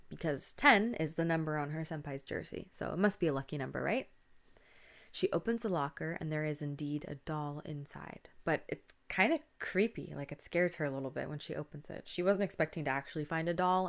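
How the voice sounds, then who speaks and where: A woman's voice: sits low, normal speed. A woman hosting a podcast, casually retelling spooky stories in a chatty, conversational way with fillers. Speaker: podcast host.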